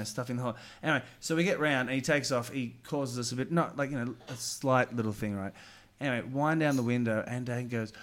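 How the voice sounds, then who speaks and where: A young man in casual podcast chat, rambling through stories and loudly acting out what people said. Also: mid-range voice. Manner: rambling storyteller, acts out quotes loudly.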